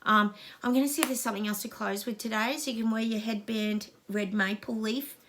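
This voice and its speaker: Talking fast over a noisy background, this middle-aged Australian psychic host gushes to her viewers during a casual reading, emphatic and at times emotional. Her pitch is fairly high and her intonation fairly even.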